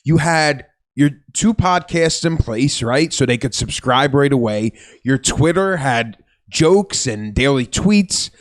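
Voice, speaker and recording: A man co-hosting a comedy podcast, enthusiastic and swearing, quick to laugh as he talks. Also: mid-range voice, expressive. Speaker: podcast co-host. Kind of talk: casual podcast chat.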